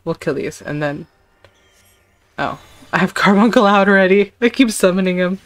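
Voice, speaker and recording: A woman's voice: fairly low pitch, moderate pace. A woman VTuber chatting casually while playing a game, laughing often and commenting as she goes. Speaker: VTuber streamer. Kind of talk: casual gameplay stream chat.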